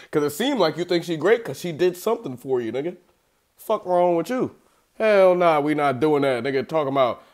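Animated, mocking man reacting to a clip. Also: fairly high pitch, moderate pace. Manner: mocking, profane, laughs often. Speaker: reaction streamer host. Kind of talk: casual reaction commentary.

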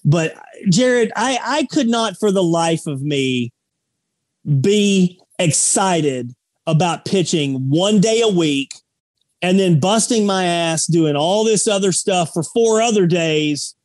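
A man's voice: high voice, lively intonation, slow pace, dry recording. A man co-hosting a sports podcast, talking bluntly and emphatically in a joking, casual way. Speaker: podcast co-host.

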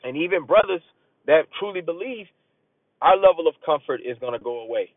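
A man's voice: a little high, expressive, brisk, no room sound. A man giving a loose, conversational sermon, reading scripture aloud and urging listeners, often tagging lines with "man.". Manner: earnest and urging, rising as he presses a point. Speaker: street preacher. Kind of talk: casual sermon. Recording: tinny phone-like audio, dry.

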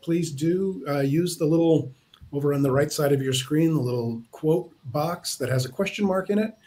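A man's voice: a little high, warm tone. A man moderating a live online author session, speaking informally with frequent restarts as he introduces himself and asks questions.

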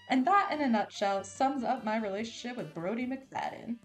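A woman's voice: a little high, expressive, moderate pace, faint music behind. A woman reading a romance novel aloud in a dramatic, casual style with playful, sarcastic asides. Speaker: audiobook reader.

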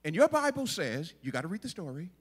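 A man's voice: on the high side, big pitch swings, fast talker, husky. A middle-aged man preaching a sermon with dramatic storytelling, acting out the voices of the figures and dropping suddenly to a whisper. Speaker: guest preacher.

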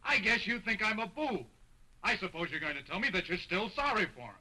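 A jealous young stage performer presses with suspicious questions. His voice is high and lively for a man, bright and husky, in early talkie acting style. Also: brisk, full character voice, rough recording. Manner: suspicious, confrontational.

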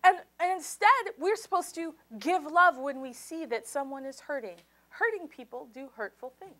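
A woman pastor preaching a sermon with passion, moving from soft, low passages to loud, high exclamations and leading the congregation in call and response. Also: lively intonation, normal speed.

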